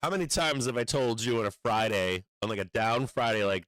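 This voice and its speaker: A man's voice: medium pitch, lively intonation, a little fast, few pauses, a bit bright, dry recording, rough recording. Guy streaming stock talk, swears a ton, lots of ums, warns folks to be careful, dry close sound. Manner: blunt and profane, rambling with many fillers; urgent warning tone. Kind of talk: casual livestream market commentary.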